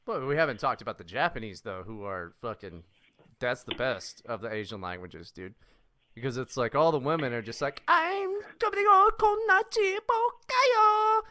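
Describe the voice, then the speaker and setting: A man's voice: on the low side, animated, brisk, a bit bright. A male podcast host in casual chat, crude and mocking in his talk.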